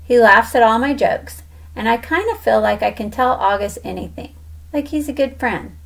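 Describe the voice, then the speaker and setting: A woman's voice: fairly high pitch, lively intonation, normal speed, creaky. A woman reading a children's novel aloud in a casual first-person storytelling tone. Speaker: audiobook reader.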